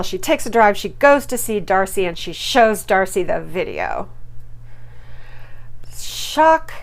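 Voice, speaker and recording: A woman with a mid-range voice hosts a chatty reality-TV recap. She gossips with plenty of ums and fillers. Her voice leaps up sharply whenever she lands a punchline. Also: gravelly. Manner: animated, with sudden high jumps on punchlines. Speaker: podcast host. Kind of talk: casual TV recap commentary.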